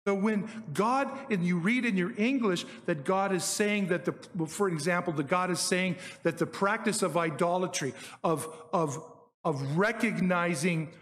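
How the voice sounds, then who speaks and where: In a big-room sound, a man with a high, slightly bright voice teaches from the Bible about Hebrew words. His style is explanatory and conversational, punctuated often by "okay?" as he checks in with his listeners.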